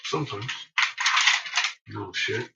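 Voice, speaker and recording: Slow, rambling man vlogging at home. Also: fairly low pitch, gravelly. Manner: rambling and jokey, talks to his pets. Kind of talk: casual home vlog. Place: home kitchen, indoors. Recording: dull, noisy home recording.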